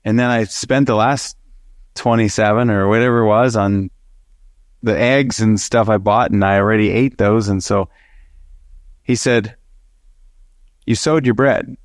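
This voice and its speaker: A man teaching a Bible study, telling a personal story in a lively way, acting out the other people's words and laughing along. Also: on the low side, measured pace, long pauses, no room sound, studio quality. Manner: animated storytelling, acts out quoted voices, laughs. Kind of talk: sermon storytelling.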